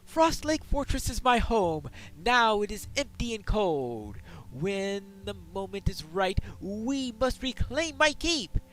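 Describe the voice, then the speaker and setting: A man's voice: high voice, very animated, takes it slowly, hardly any pauses, fairly bright tone, voice pushed up, full character voice, rough recording. A man voicing a proud, bossy boy who claims to be king, declaiming in a haughty way.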